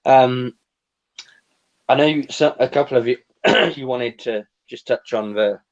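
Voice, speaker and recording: A man's voice: mid-range voice, measured pace. Easygoing male host, slightly muffled. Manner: easygoing, steers the chat with questions. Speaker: podcast host. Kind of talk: casual podcast chat.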